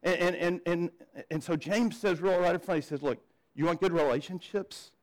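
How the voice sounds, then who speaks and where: Male pastor preaching, conversational, fairly high-pitched, restarts sentences, asks the room questions. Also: normal speed, darkish tone, low-quality recording. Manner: conversational, repeats words when starting sentences, asks the audience questions. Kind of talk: sermon. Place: church.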